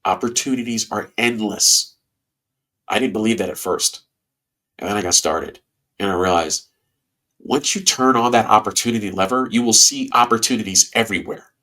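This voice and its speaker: Male podcast host, lowish voice, stuffy nose, folksy and animated. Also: normal speed. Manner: animated, folksy, bursts of excitement. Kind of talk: casual podcast monologue.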